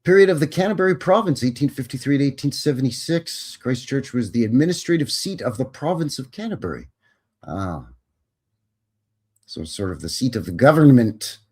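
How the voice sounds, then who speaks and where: A Canadian man hosts a casual livestream. He reads history passages aloud, then breaks off into folksy, wry asides, sprinkling in "bud" and "eh." His voice sits at an ordinary middle pitch. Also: sing-song, normal speed, darkish tone, husky. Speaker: livestream host. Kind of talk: casual commentary reading aloud.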